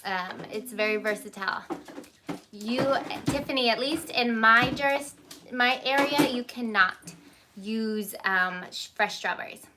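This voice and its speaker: A woman in her thirties with a fairly high, very bright voice chats her way through a live baking stream from her phone. She greets viewers by name and breaks off to tell her children what to do. A faint noise hangs behind her small home kitchen. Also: unhurried. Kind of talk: casual live-stream chat.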